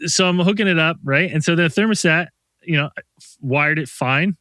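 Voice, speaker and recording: Podcast co-host, man, foul-mouthed ranting storyteller, bright and dry sound. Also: on the high side, normal speed, dry recording. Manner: profane, animated storyteller, ranting. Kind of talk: casual chat.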